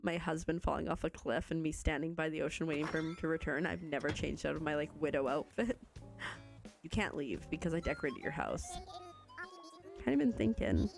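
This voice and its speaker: A woman's voice: low-pitched, fairly quick, gravelly, over music. A young woman chatting casually with viewers while she plays a video game, bubbly and self-teasing. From Canada. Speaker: streamer. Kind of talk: casual live-stream chat while playing a video game.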